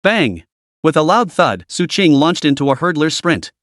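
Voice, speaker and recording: An animated male narrator reading a web novel aloud. His voice sits a bit high and moves up and down a lot. The sound is dry and close, with no room echo. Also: normal speed.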